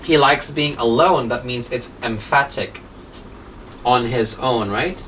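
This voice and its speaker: A woman's voice: extremely low pitch, slow pace, a bit bright. A woman teaching an English grammar lesson, explaining each point step by step and checking with "right?" after nearly every sentence. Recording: voice a little distant from the mic, faint room hum.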